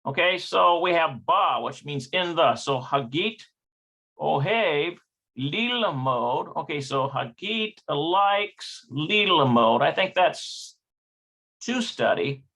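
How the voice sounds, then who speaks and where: Slow, bright-voiced man thinking aloud. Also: a little high, lively intonation. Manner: hesitant, self-correcting, sounds out words. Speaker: language learner teaching from a textbook. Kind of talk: thinking-aloud study session.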